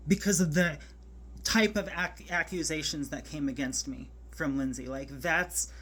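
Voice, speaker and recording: A low-pitched, husky, slightly bright female voice recounts a personal story to camera. Emotional and on the verge of tears, she rambles haltingly, restarting often and using many fillers.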